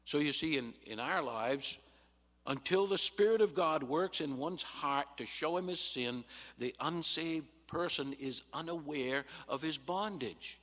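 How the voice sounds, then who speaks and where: A pastor giving a Bible sermon in an emphatic teaching manner, pausing on "uh" and rising sharply on quoted replies. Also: male voice, a little high, fairly bright tone. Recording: long hall reverb.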